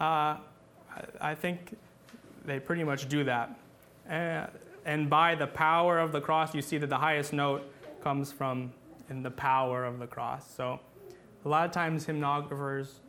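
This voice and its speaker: Slow, halting man teaching a class. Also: a little high, a bit bright. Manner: patient, halting, with many fillers and restarts; sings short examples. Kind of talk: classroom lesson on chant.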